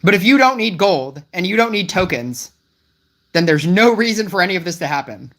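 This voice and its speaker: A game streamer talks live to the chat in a loose, rambling way, often restarting sentences. The voice sits at a middling pitch, puzzled and wryly teasing the viewers. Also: big pitch swings, fairly quick. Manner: wry, gently teasing the chat.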